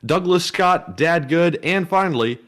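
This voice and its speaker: A man co-hosting a livestream, reading donor names in a steady voice and stumbling over his words now and then. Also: on the high side, a little slow. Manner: steady, reads long name lists, stumbles at times. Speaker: co-host reading donations. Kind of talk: casual livestream chat.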